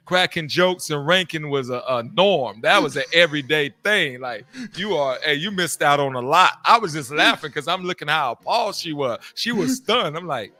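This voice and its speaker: A man co-hosting a podcast, spinning animated stories full of slang. His voice is bright and forceful, and the room sound is dry and close. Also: a little high, normal speed, hardly any pauses, dry recording. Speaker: podcast co-host. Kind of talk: casual chat.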